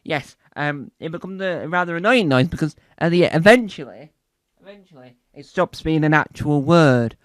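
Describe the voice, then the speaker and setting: A man's voice: a little high, expressive, moderate pace, dry recording. A man with a Northern English accent performing a playful comedy routine, repeating words and singing silly phrases. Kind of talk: audio comedy special.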